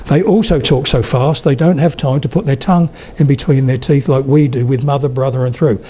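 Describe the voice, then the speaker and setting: Older man giving a lively lecture. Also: medium pitch, brisk, hardly any pauses, breathy edge. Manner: chatty storyteller, slips into accent demonstrations. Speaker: guest speaker on spoken English. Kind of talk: public lecture.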